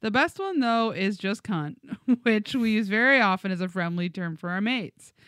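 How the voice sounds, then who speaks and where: A woman's voice: medium pitch, lively intonation, normal speed, a bit bright, no echo, studio quality. A woman co-hosting a music podcast, reading listener comments aloud with frequent giggles. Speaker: podcast co-host.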